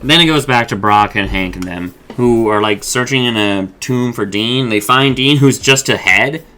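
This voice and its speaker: The host's mid-range voice is sharp and moves at normal speed as he casually discusses and recaps an episode on his podcast. He swears freely, rambles, and paraphrases characters' lines.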